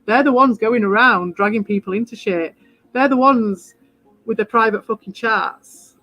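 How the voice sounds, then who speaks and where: A woman's voice: a little high, normal speed, fairly bright tone, no echo, dull audio, faint music behind. Rambling woman streaming a game. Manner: rambling, swears freely, gets worked up. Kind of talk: casual live-stream chat while playing.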